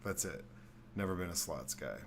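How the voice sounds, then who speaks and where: A man's voice: sits low, expressive, moderate pace. A young man hosts a loose podcast chat. He rambles through profane stories and slips into voices for the people in them. A faint hiss of noise sits under the recording. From Texas. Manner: rambling storyteller who acts out voices, swears freely. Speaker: podcast host. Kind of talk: casual chat.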